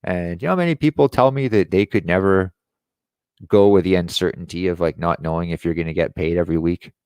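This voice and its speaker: A man's voice: deep voice, a little fast, darkish tone, clean tone, dry recording. A man hosting an online show, ranting in a sarcastic, profane way. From Quebec. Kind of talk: ranting commentary.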